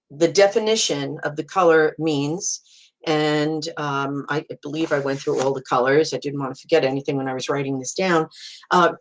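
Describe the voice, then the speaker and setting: A woman who works as a psychic medium answers questions in a loose, conversational way, thinking aloud as she goes. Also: deep voice.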